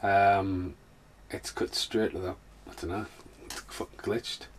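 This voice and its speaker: A man's voice: low voice, steady tone, takes it slowly. A man hosting a podcast with a rambling film commentary, laughing often. His speech is a little slurred and he sounds like he is in pain. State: injured, in pain. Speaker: podcast host.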